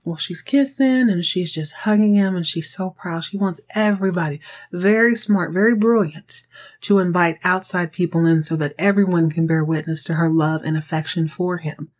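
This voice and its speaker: A woman's voice: lowish voice, moderate pace. A woman hosting a podcast, recapping a TV episode in sassy, slangy, conversational chat. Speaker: podcast host recapping a TV show.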